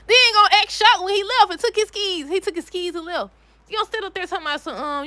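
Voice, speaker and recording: A woman giving a casual, animated recap of a soap opera, talking back to the characters with exasperated asides. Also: extremely high pitch, quick pace, no room sound.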